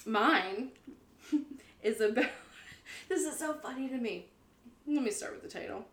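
A woman's voice: fairly high pitch, expressive, unhurried, a bit bright, echoey room. A woman co-hosting a podcast, chatting casually and reading forum posts aloud, laughing often as she reads. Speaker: podcast co-host.

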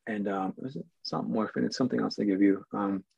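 A man with a gravelly, slightly husky voice tells stories in a loose, rambling way, often stopping to restart his sentences. He sounds amused by his own anecdotes. The recording is dry and a little dull. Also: fairly low pitch, quick pace, darkish tone, dry recording. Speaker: actor guest. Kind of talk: casual storytelling.

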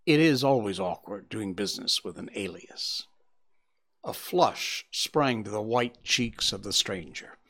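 A man reading a classic detective story aloud in a measured, expressive narrating style. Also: on the low side. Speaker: audiobook narrator.

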